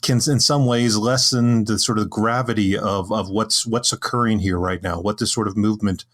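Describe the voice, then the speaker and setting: A man's voice: fairly low pitch, fairly even intonation, normal speed. A man on a podcast panel, talking things through casually with lots of restarts and fillers. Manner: hesitant, many restarts and fillers.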